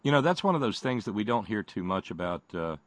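A man hosting a casual call-in talk show, speaking haltingly with many restarts and pauses. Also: on the low side, very animated, no room sound. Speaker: radio talk host.

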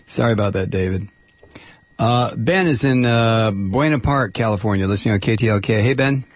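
Talk radio host, male, husky voice, dry studio sound, loose rambling delivery. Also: on the low side, normal speed, no room sound. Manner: rambling, many restarts and fillers. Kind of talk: casual call-in radio talk.

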